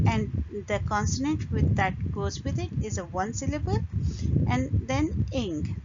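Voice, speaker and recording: A woman giving an English pronunciation lesson, explaining rules slowly and modelling words with pauses between phrases. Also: fairly high pitch. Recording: dull lo-fi recording with loud noise.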